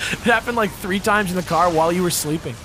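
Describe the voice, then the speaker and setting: A man's voice: high voice, sharp tone, slight background noise. A young man doing casual, jokey let's-play commentary, telling stories and laughing a lot. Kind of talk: casual gameplay banter.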